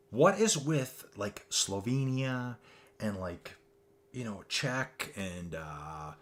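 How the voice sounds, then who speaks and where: A man in his forties from Canada, chatty and upbeat, giving casual commentary on a virtual cycling race and often addressing the audience as folks. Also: fairly low pitch.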